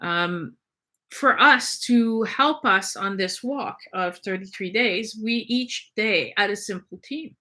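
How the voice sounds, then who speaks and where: A woman with a bright voice delivers an informal spoken lecture. She talks in a thoughtful, meandering way, with fillers and frequent self-corrections. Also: mid-range voice, takes it slowly. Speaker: spiritual teacher.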